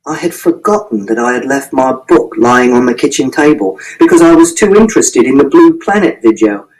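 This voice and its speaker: A man's voice: medium pitch, lively intonation, fairly quick, a little mellow, poor audio. A man reading a first-person audiobook in a precise, literal, matter-of-fact way. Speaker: audiobook narrator.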